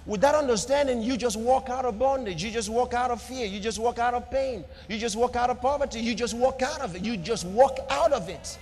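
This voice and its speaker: A man preaching a sermon with an emphatic, repetitive cadence, swinging between loud declarations and soft asides. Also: very high voice, lively intonation, brisk, hardly any pauses, big-room sound, slight background noise. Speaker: pastor.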